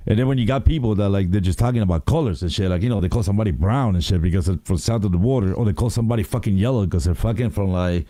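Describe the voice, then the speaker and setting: A man's voice: fairly low pitch, very fast, hardly any pauses, no room sound, studio quality. A man co-hosting a casual podcast discussion, ranting in a rambling, profane way with plenty of fillers. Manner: profane, rambling, animated rant with lots of fillers. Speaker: podcast co-host.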